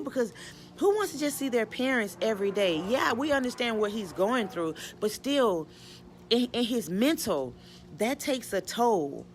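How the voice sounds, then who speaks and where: A middle-aged woman from the American South, a mother answering viewer questions in an emotional, halting casual talk full of restarts and "you know". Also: mid-range voice, a little hiss or hum. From Georgia, US Southern. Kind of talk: casual Q&A chat.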